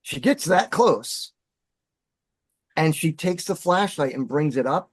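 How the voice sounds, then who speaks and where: A man telling a story as a podcast guest, animated and dramatic in his delivery. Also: on the high side, slow, noisy background. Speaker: podcast guest, former bassist. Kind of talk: storytelling in casual chat.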